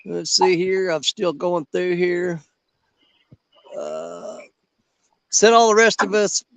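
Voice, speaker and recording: Folksy man, high voice. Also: very animated, takes it slowly, fairly bright tone, no room sound. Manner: folksy, drawling, calls viewers brother. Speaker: livestream host. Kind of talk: casual livestream chat reading viewer comments.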